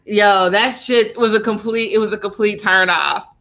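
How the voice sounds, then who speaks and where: A woman co-hosting a podcast, telling a travel story in an animated, profane, laughing way. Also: medium pitch, moderate pace, highs cut off. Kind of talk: casual storytelling chat.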